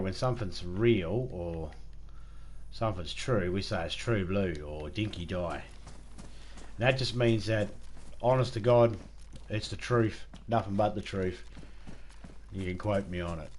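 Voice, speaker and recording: A man's voice: lowish voice, a little hiss or hum. An Australian man chatting casually with viewers on a live game stream, rambling, self-mocking and swearing freely.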